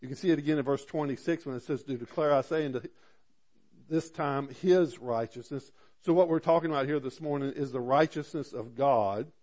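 A pastor delivers a sermon in a medium-pitched voice at a slightly quick pace. He reads scripture loudly with a rising delivery, then drops into quiet asides, often repeating words and starting over.

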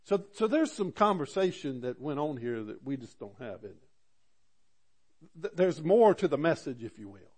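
A man preaching a morning sermon, his voice a touch higher than most men's. He climbs loud and slow through scripture readings, then falls to hushed, chatty asides to the congregation. He repeats words and restarts often as he goes. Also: big pitch swings, breathy edge. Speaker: pastor.

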